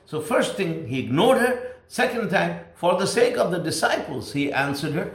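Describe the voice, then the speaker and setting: A man's voice: sits high, very animated, normal speed, roomy sound. A man preaching a sermon, emphatic and repeating words to drive points home.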